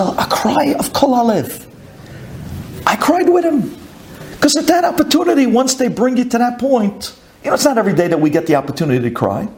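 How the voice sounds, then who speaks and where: A man, a rabbi, telling a story to a group, acting out his own thoughts with rhetorical questions and Hebrew and Yiddish words. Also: high voice. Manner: sprinkles in Hebrew and Yiddish terms.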